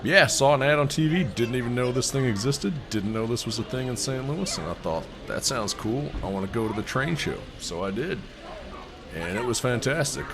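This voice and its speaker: A man narrating his own vlog in a casual, rambling way, thinking out loud with fillers and little chuckles. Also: mid-range voice, expressive, normal speed, music in the background. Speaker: vlogger. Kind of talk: casual voice-over commentary.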